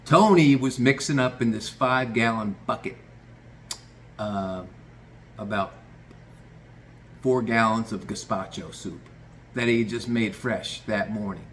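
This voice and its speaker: A man's voice: lowish voice, measured pace, pauses often, a bit bright, slight background noise. A man telling a true story in a loose, rambling way, swearing casually and restarting his sentences.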